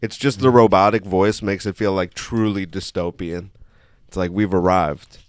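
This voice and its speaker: A man's voice: sits low, steady tone, moderate pace, clean tone, no echo, clean studio sound. A man co-hosting a podcast in casual chat, brash, profane and mocking. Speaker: podcast co-host.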